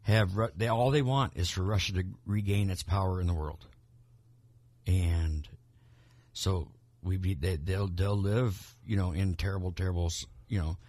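A man's voice: deep voice, steady tone, moderate pace, a little mellow, dry recording. A man co-hosting a podcast, talking casually about the news in a rambling way, with many restarts and repeated words. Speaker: podcast co-host. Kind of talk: casual political chat.

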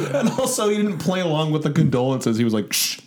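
A man's voice: on the high side, darkish tone. A man joining a casual chat, exclaiming and laughing a lot.

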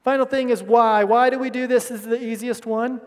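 High-voiced preaching man in an echoing church. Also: steady tone, moderate pace. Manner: passionate preaching, swings from loud emphatic bursts to hushed asides. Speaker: pastor. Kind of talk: sermon. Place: church sanctuary. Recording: long hall reverb in a church sanctuary.

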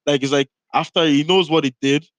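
Fast-talking young Irish man, dry sound. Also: a little high, fairly even intonation, a bit bright, dry recording, low-quality recording. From Ireland. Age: young adult. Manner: loose slangy banter, quick laughs. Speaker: podcast co-host. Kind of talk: casual chat.

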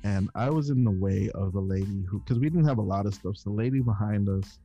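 A man's voice: lowish voice, quick pace, warm tone, faint music behind. A man in a casual podcast chat, chatty and laughing often. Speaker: podcast guest.

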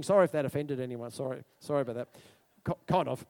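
A man preaching a sermon in a loud, excitable and emphatic way. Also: medium pitch, fast talker, creaky.

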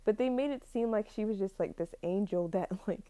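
A young woman talks through a story in a loose, rambling way, full of fillers and little laughs. Her voice is mellow and dark, sitting at a middle pitch. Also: a little fast. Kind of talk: casual plot recap.

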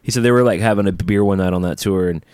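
A man's voice: deep voice, quick pace, no room sound, studio quality. A man co-hosting a podcast, chatting casually and telling stories with jokes. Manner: animated, joking, storytelling. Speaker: podcast co-host. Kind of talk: casual chat.

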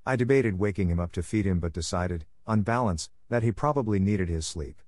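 A man reads a first-person ghost story in a calm, measured way. His voice sits low, and the recording is dry and close with no room sound. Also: no room sound. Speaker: narrator. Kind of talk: scripted ghost story narration.

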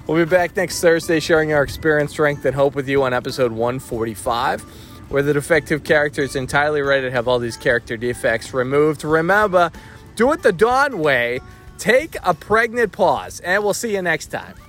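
A man hosting a podcast, rambling through jokes with halting restarts in casual chat. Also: a little high, a bit bright, faint music behind. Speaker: podcast host.

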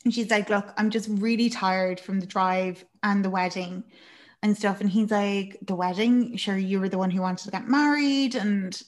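A chatty woman talks through a film's plot in a relaxed, casual way. She fills her recap with ums and likes, and she briefly acts out the characters' lines. Her voice sits at an ordinary middle pitch. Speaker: podcast co-host.

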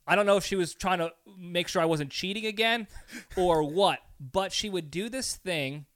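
A man hosting a podcast, telling a story in a casual chat in an animated way, acting out scenes and laughing often. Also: high voice, moderate pace. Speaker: podcast host.

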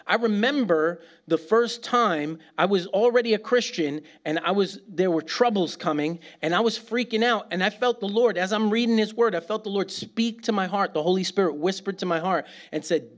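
A man preaching a casual, animated sermon, laughing often and acting out little dialogues. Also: high voice, moderate pace. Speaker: pastor.

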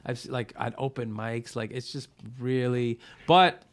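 A man, a comedian and restaurateur chatting loosely as a podcast guest, swearing and trailing off. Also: mid-range voice. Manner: quick, loose, swearing, lots of fillers. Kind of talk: casual chat.

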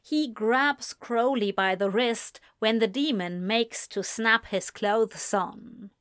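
Woman narrator, slow and expressive, lightly high voice; dry close read. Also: clean tone, no echo. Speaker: audiobook reader. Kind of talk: narrating fan fiction aloud.

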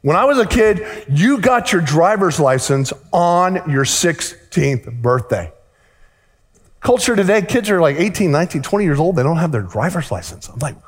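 Man, pastor, sermon storytelling, animated, slightly high voice, long hall reverb. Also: normal speed. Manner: animated, acts out dialogue in the story.

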